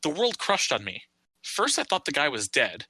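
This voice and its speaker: A man's voice: fairly high pitch, wildly swooping pitch, normal speed, pushed and bright, no echo, rough recording. A man in his thirties co-hosting a casual podcast, reading a long online post aloud with wry asides. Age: 30s. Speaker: podcast co-host.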